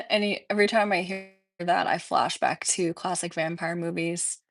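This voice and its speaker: A woman's voice: on the low side, fairly even intonation, moderate pace, creaky. Chatty woman on a casual livestream. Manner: chatty, rambling, laughs often. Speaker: streamer. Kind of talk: casual live-stream chat.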